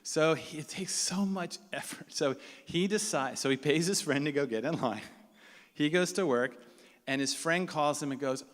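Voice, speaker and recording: A man's voice: on the high side, normal speed. A man telling a story to a live audience in a conversational way, acting out the lines of the people in it. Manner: conversational, acts out quoted dialogue. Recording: reverberant hall sound.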